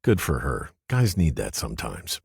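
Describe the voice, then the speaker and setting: A man voicing a quick-witted, dryly teasing woman detective in an audiobook. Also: rumbling low, huge pitch swings, gravelly, husky, no room sound, full character voice. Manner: dry teasing.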